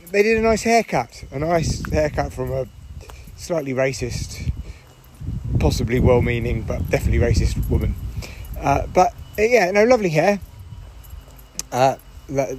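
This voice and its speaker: A middle-aged man with a hoarse voice, chatting in a rambling, irritable way and swearing freely on a solo podcast recorded in a parked car. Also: fairly high pitch, a little mellow, a little hiss or hum. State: hoarse from shouting. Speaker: podcast host.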